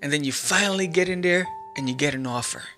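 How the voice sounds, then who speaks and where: A man hosting a podcast, giving an animated motivational talk straight to the listener and acting out little scenes. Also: a little high, fast talker, faint music behind. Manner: animated, addresses listener directly, acts out scenes. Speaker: podcast host. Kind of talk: motivational monologue.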